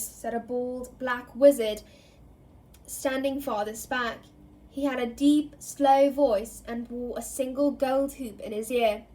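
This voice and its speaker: A woman reading a novel aloud in an expressive storytelling way, giving each character a voice. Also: a little high, slow pace. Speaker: reader.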